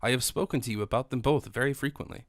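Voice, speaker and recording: A man's voice: medium pitch, fast talker, dry recording, natural voice. A man reading the part of a worldly, cheerful middle-aged grocer, in a genial, proud storytelling manner.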